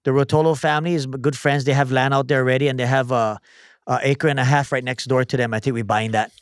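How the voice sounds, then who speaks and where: A man's voice: medium pitch, fairly even intonation, fast, clean tone, no echo, clean studio sound. A man in his forties from O'ahu with a Hawaiian Pidgin accent, a guest chatting bluntly and jokingly on a podcast with plenty of swearing. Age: 40s. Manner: profane, blunt, joking banter. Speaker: guest, chef and restaurant owner. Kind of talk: casual podcast conversation.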